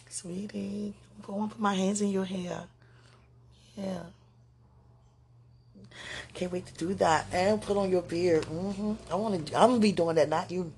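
A woman's voice: medium pitch, fairly even intonation, a little slow, pauses often, a little mellow, breathy edge. A woman hosting a spiritual podcast, speaking to a loved one in a gushing, giggly, rambling way, full of "you know"s. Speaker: podcast host.

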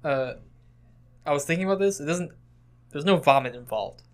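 A man's voice: a little high, moderate pace. Young man rambling through a funny story. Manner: rambling, animated storyteller, laughs often. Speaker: podcast co-host. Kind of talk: casual storytelling chat.

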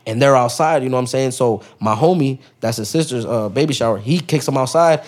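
A man's voice: mid-range voice, a little fast. A young man, a podcast guest, telling a story in casual street slang, full of profanity and acted-out quotes.

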